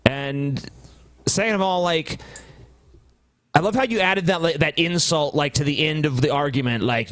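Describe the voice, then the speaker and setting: A man with a slightly high voice gives rambling, sarcastic commentary on a casual podcast, swearing freely. The sound is dry and close, with no room around him. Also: normal speed, fairly bright tone, dry recording. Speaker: podcast co-host.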